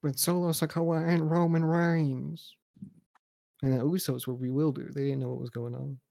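A man with a gravelly, dark voice pitched a bit above average banters through a wrestling review. He is jokey and profane and breaks into laughter often. The recording is dry and close. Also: steady tone, normal speed, no room sound. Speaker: podcast co-host. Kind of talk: casual wrestling review chat.

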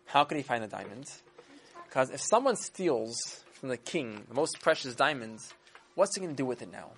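An animated storyteller reading out a tale for children. The voice climbs and falls widely, and the teller stops to quiz the listeners. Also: mid-range voice, moderate pace, soft background music. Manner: animated, asks listeners questions.

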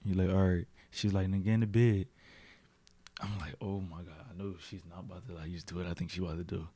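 Low-voiced man telling a rambling story. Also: fairly even intonation, quick pace, dark tone, slightly rough. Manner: rambling storyteller, heavy on fillers and slang. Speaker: podcast co-host. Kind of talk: casual chat.

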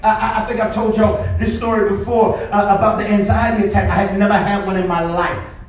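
A male pastor preaching a sermon with a personal story, animated, breaking into shouts and repeating phrases. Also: sits high, fairly quick. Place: church sanctuary. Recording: echoey hall, mic at a distance. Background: congregation responding.

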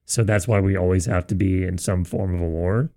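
A man's voice: low voice, steady tone, brisk, mellow. A man co-hosting a casual podcast, who swears freely and speculates loosely about things he has heard. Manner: profane, laughs along, speculative. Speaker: podcast co-host.

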